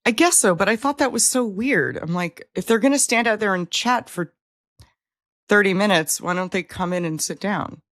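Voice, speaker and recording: A woman co-hosting a podcast in casual chat, emphatic and quick to react. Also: mid-range voice, fairly bright tone, no room sound, studio quality. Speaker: podcast co-host.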